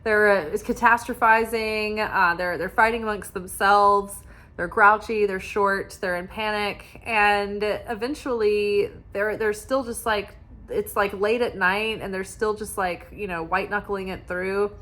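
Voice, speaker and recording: A woman's voice: medium pitch, fairly even intonation, unhurried, bright, forceful tone. A young woman talking casually as a tarot reader, rambling with many fillers and restarts. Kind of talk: casual spiritual chat.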